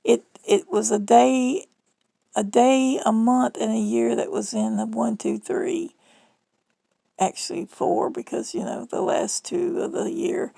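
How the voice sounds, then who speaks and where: A middle-aged Southern woman talking to her phone in a loose, rambling vlog, folksy and chatty. Her voice sits a little high and is heavily gravelly with vocal fry. The sound is dry and close, with almost no room around it. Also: a little slow, dark tone, no echo, low-quality recording. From Southern United States. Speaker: vlogger. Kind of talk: rambling casual monologue.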